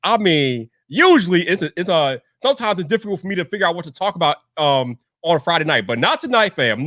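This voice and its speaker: Tech streamer host, male, high voice, dry close sound, pumped repetitive hype delivery. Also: a little fast, few pauses, dry recording. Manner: energetic, repetitive hype with shouted catchphrases; greets chat viewers one by one. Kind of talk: hyped live-stream banter.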